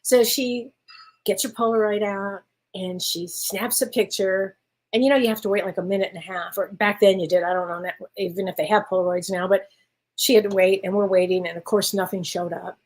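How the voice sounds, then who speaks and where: A woman's voice: mid-range voice, a little fast. A middle-aged woman, a spiritual medium hosting her show, telling a personal story in casual chat and acting out the dialogue. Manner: animated anecdote teller who acts out dialogue.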